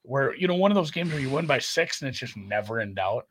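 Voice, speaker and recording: A man's voice: mid-range voice, fast talker, slightly rough. A man co-hosting a casual sports betting show, talking games with wry asides. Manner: animated, wry, swears casually. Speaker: podcast co-host.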